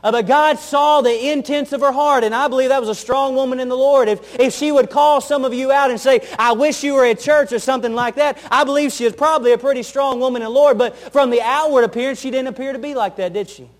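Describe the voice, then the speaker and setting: Man, very high voice, young adult pastor, earnest sermon, folksy stories, repeats key lines. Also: fast, hardly any pauses.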